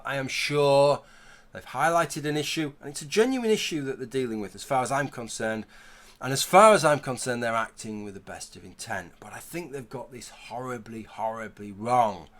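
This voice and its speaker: A man's voice: medium pitch, expressive, moderate pace, a bit bright. A man giving a conversational opinion commentary, arguing his point through hypothetical scenarios. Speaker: YouTube commentator.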